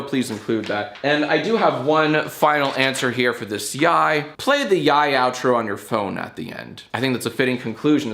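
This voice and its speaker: A man's voice: medium pitch, vocal fry, fairly bright tone. A man in his thirties hosting a comedy web show, talking in a brash, jokey and rambling way. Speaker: YouTube show host. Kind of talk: casual comedic vlog talk.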